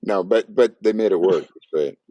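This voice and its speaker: Low, mellow man on a podcast. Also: normal speed, dry recording. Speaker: podcast co-host. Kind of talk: casual film discussion.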